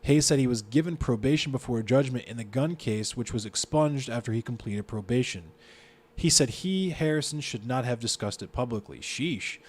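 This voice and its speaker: On a live stream, a Baltimore man with a mid-range voice reads a news story aloud at a normal pace, his intonation lively. He reacts loudly and profanely to what he reads, swearing a lot.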